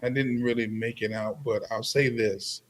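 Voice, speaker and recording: A man joining a livestream as a guest, speaking in an unhurried, questioning way. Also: mid-range voice, little pitch movement. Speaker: stream guest. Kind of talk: casual discussion.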